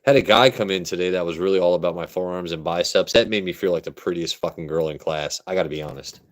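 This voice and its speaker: Deep-voiced, profane livestream host. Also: male voice, fast. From Maryland, US. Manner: profane, animated, talks to chat. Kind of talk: casual live-stream chat.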